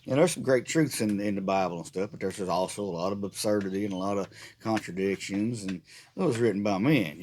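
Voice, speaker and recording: A middle-aged vlogger with a fairly low, slightly mellow voice rants sarcastically and at length. His casual, irreverent monologue rambles, full of restarts and repeated words.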